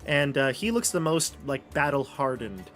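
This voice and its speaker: A man's voice: medium pitch, very animated, normal speed, a bit bright, faint music behind. A man narrating a tabletop role-playing game as game master, in rambling, chatty descriptions full of fillers.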